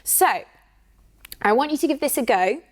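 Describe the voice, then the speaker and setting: A woman's voice: sits high, lively intonation, moderate pace. A woman, teaching an online singing workshop in an encouraging way and checking in often with "okay?". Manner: counts in and sings demo phrases.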